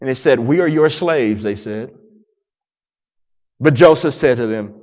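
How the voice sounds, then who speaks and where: A man preaching a sermon as pastor, dramatic, swinging from loud declarations to hushed near-whispers. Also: mid-range voice, animated, a little slow, long pauses, muffled recording. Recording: long reverb of a large hall.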